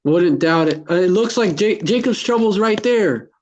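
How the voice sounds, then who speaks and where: A man's voice: high voice, animated, normal speed, darkish tone. A man talking slangily and animatedly in casual chat.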